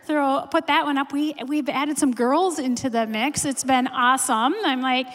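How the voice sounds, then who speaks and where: A woman's voice: sits high, fairly even intonation, moderate pace. A woman in her forties giving a sermon, telling stories in a chatty, self-deprecating way with many fillers. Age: 40s. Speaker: pastor's wife preaching. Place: church hall. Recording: long hall reverb.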